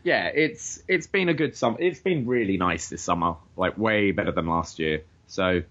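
A man's voice: low voice, expressive, normal speed, a bit bright, highs cut off. A man with an English accent co-hosting a casual podcast chat, joking and laughing often. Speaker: podcast co-host. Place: living in Toronto area.

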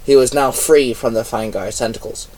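A man reading his own action story aloud at an unhurried pace, now and then pausing on a stumble. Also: medium pitch, darkish tone. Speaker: fan fiction reader. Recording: voice a bit far from mic.

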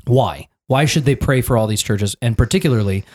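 Talking casually about a church confession, a man from the United States thinks out loud, frequently restarting and repeating himself. His voice is medium-pitched and a little mellow, moving a little fast.

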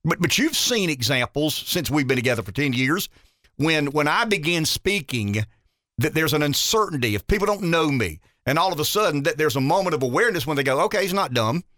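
A rural Southern man hosts opinionated talk radio, his fairly high, bright voice rising and falling as he speaks briskly and forcefully. Emphatic and folksy, he doubles back on words while building each point, recorded close and dry in a studio with no room sound.

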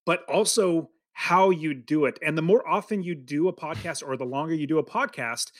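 Energetic man hosting a podcast. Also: fairly high pitch, moderate pace, no room sound. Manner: energetic, chatty. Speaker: podcast host. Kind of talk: casual podcast conversation.

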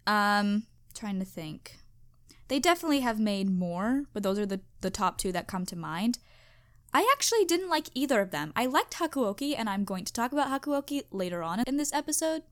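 A young woman hosting a podcast, chatting casually and emphatically on her own, animated and self-reflective. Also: medium pitch, normal speed. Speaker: podcast host. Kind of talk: casual solo chat.

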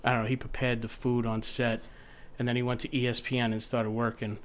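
Male TV producer guest, mid-pitched, rambling anecdotal delivery with acted-out quotes. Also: brisk. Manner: rambling, animated storyteller who acts out quotes. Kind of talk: casual podcast storytelling.

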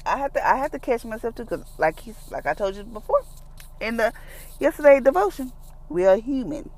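A woman hosting a devotional podcast, talking about faith in a relaxed, conversational, folksy way. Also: a little high, a little fast, a little hiss or hum, low-quality recording. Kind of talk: casual devotional talk.

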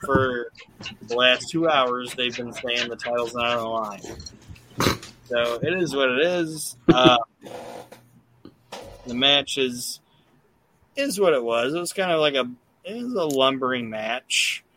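A man's voice: medium pitch, measured pace, long pauses, sharp tone, slight background noise. A man hosting a casual podcast, rambling through a recap with plenty of cursing and fillers. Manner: rambling and profane, lots of fillers. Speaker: podcast host. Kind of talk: casual podcast chat recapping wrestling shows.

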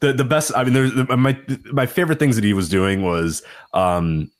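A man co-hosting a podcast, telling stories in an animated way, laughing often and acting out quotes in casual chat. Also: lowish voice, moderate pace. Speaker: podcast co-host.

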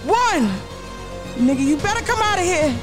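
A jumpy, startled man barking threats in a high, strained voice, put on by a woman telling a story. it sounds like a live radio story, with music running clearly underneath. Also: sing-song, moderate pace. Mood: tense bravado. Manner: shouting bravado. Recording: music playing behind.

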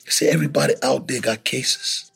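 A man on a podcast telling a hard personal story with lots of emotion, acting out other people's voices in loud high bursts. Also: fairly quick, vocal fry, faint music behind. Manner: animated, acts out voices and shouts in high bursts. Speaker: podcast guest sharing his story.

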